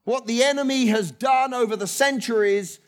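A man's voice: extremely high pitch, moderate pace. A man preaching a fervent sermon as pastor, building his points through rhythmic, repeated phrases. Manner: impassioned preaching with rhythmic repetition.

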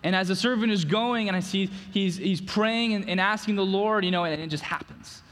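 A high-pitched male preacher gives an earnest sermon, often repeating a word as he pushes forward. His voice rings out in a church sanctuary with a long reverb trailing behind it. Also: a bit bright. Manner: earnest, repeats words, speaks in quick bursts. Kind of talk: sermon with personal testimony and prayer.

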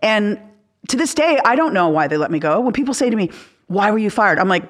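A woman's voice: medium pitch, fast talker. Blunt, cursing middle-aged woman host. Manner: blunt, swears freely, vents with animated storytelling. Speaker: podcast host. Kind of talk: casual chat.

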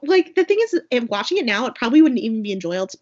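A woman's voice: on the high side, big pitch swings, very fast, darkish tone. A woman co-hosting a podcast, recapping a movie in casual chat, rambling with many fillers and asides. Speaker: podcast co-host. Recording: dull lo-fi sound.

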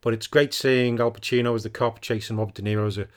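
A man's voice: medium pitch, steady tone, fast. Rambling, film-loving male podcast co-host. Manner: rambling, enthusiastic about films. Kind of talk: casual chat.

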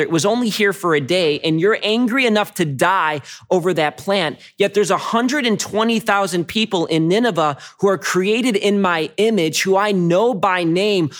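A man's voice: high voice, a bit bright, pitched above the performer's own voice. A man voicing God as a loving creator who reasons earnestly with a pleading tone.

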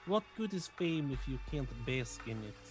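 A man's voice: on the high side, expressive, normal speed, over music, lightly acted. A man voicing a stern, earnest warrior who keeps insisting on the danger.

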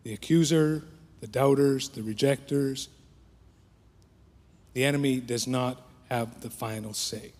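A pastor preaching a sermon with passion, his voice rising for prayers and dropping low for quiet points. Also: measured pace, long pauses. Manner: impassioned preaching that swells then drops to a hush. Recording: long hall reverb.

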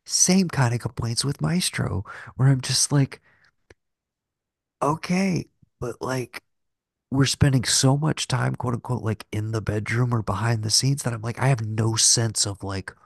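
A gravelly, mid-range voice belongs to a podcast co-host who speaks at a measured pace. His casual talk about films rambles and turns profane, packed with filler "like," in a dry, studio-quality recording.

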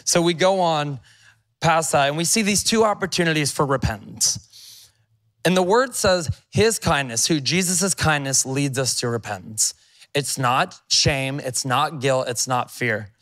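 Man preaching with a fairly high voice. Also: measured pace, a bit bright. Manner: reads scripture aloud and comments in a conversational, emphatic way. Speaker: pastor. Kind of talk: sermon.

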